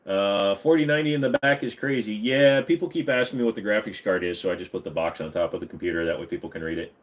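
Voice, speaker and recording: A man's voice: fairly low pitch, fast talker. A man hosting a casual livestream from his home computer room, reading chat questions aloud and answering them in a rambling, joking way.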